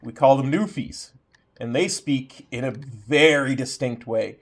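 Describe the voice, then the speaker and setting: A man's voice: medium pitch, a little slow. Rambling Canadian man streaming a game. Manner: rambling, many fillers and restarts. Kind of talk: casual chat while gaming.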